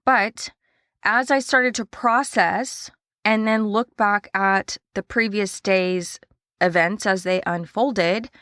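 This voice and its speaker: A woman's voice: medium pitch, slow pace, no room sound. Chatty woman host, dry close mic. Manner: chatty, animated retelling with quoted dialogue. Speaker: podcast host and small business owner. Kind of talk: casual solo podcast storytelling.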